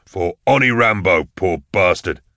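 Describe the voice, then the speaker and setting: A man voicing a big, boisterous and jovial male officer who talks in a loud, hearty, backslapping way. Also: fairly low pitch, expressive, normal speed, vocal fry, dry recording, studio quality, heavily acted.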